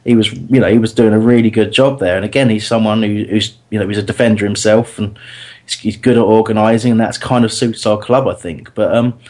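A man's voice: fairly low pitch, fairly even intonation, brisk, a little mellow. A man hosting a casual football chat, talking easily with many restarts and laughs. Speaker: podcast host.

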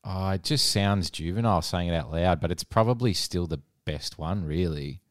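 A man's voice: sits low, normal speed, no room sound, studio quality. A man co-hosting a casual podcast, easygoing and agreeable. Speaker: podcast co-host. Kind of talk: casual chat.

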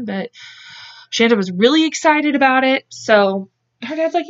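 A woman hosting a podcast, retelling a case in casual chat, acting out quotes in quick voices and speaking bluntly. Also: high voice, animated, highs cut off. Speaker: podcast host. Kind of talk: casual true-crime storytelling.

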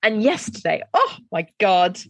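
A woman's voice: mid-range voice, sing-song, measured pace, no echo. A woman from Wales, co-hosting a podcast in casual chat, gushing and chatty with lots of fillers. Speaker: podcast co-host.

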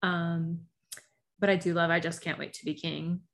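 A young woman co-hosting a podcast in casual chat, blunt and quick to swear, laughing often and filling with "like". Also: lowish voice, level tone. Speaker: podcast co-host.

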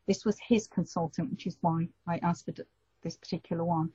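A middle-aged woman, telling a personal story in an interview and lively acting out the voices of the people in it. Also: fairly low pitch, a little fast, slightly rough, no room sound. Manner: animated storyteller, acts out quoted voices. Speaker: guest telling her story. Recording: dull lo-fi recording.

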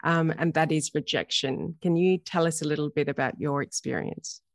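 A woman hosting an interview, speaking in a gentle, measured and supportive way. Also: deep voice, no room sound. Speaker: podcast host. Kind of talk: interview conversation.

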